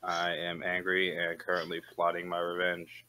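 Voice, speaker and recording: A man's voice: deep voice, completely flat delivery, moderate pace, crowd noise. A man telling a story in casual chat, blunt and profane, grumbling about being pranked.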